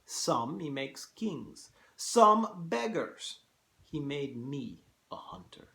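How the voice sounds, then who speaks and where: Cultured Russian aristocrat-hunter, slow and menacing with lively pitch swings, put on by a male reader. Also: creaky, exaggerated voice. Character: suave aristocratic Russian hunter general, older man.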